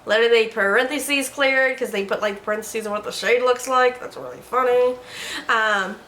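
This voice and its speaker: A woman's voice: fairly high pitch, fairly even intonation, moderate pace, fairly bright tone, reverberant, slight background noise. A woman hosting a casual beauty review vlog from her desk at home, chatting along and tripping over words now and then. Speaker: beauty vlogger host. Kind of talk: casual product review chat.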